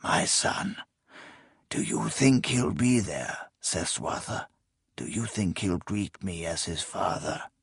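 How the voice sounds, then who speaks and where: Male narrator as a dying old king: weak, slow, half-whispered, tender, audiobook. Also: mid-range voice, animated, husky, no room sound, studio quality. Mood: mournful. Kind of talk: audiobook character reading.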